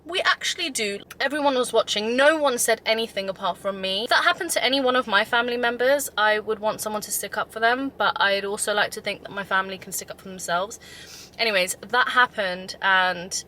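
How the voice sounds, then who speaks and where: Woman, chatty vlog storyteller, bright and forceful tone. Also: mid-range voice, brisk, a little hiss or hum. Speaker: vlogger.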